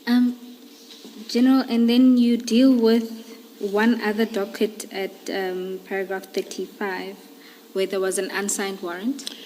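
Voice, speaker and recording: Flat-voiced woman leading evidence. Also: medium pitch, a little slow, slight background noise, poor audio. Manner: methodical, with filler ums. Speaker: evidence leader questioning a witness. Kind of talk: formal questioning at a commission hearing.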